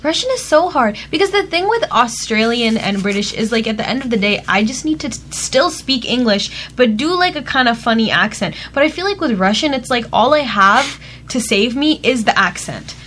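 Expressive, exclaiming woman in casual chat. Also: on the high side, moderate pace, slight background noise.

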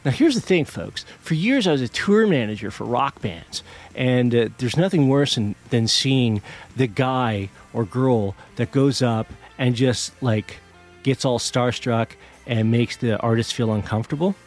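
A man's voice: mid-range voice, animated, measured pace. A middle-aged man hosting a music show, telling a story in a rambling, self-deprecating way with many restarts. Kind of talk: casual storytelling monologue.

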